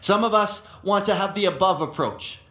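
A man preaching a sermon as a pastor, telling stories in an animated way and often repeating words as he goes. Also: high-pitched, moderate pace, roomy sound.

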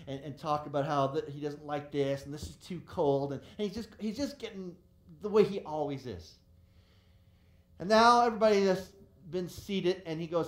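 An earnest pastor delivers a sermon in a roomy hall, with a mid-pitched voice ringing off the walls. The preacher circles back, repeating and restarting phrases to drive each point home.

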